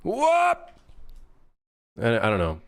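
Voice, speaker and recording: A man developing a game on a live stream, chatting casually, joking and swearing as he thinks out loud. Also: medium pitch, huge pitch swings, slow pace. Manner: rambling, jokey, swears freely, thinks out loud.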